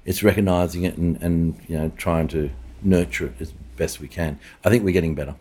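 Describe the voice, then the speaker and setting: Deep-voiced Australian man telling stories. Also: steady tone, a little fast, darkish tone, slightly rough. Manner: rambling anecdotes with many restarts and fillers. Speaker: chef, podcast guest. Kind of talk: casual interview storytelling.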